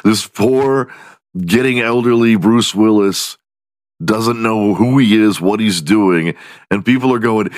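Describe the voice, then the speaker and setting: A man's voice: fairly low pitch, takes it slowly, no echo. A man hosting a comedy podcast, swearing freely and laughing at his own jokes. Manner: profane, laughs at his own jokes, slips into mock voices. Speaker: podcast host. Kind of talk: crude comedic news rant.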